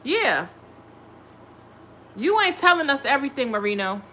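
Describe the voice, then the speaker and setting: A woman's voice: on the high side, expressive, moderate pace, long pauses, bright, forceful tone, slight background noise. A woman giving a blunt, profane, scolding tarot reading on a live stream. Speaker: tarot reader.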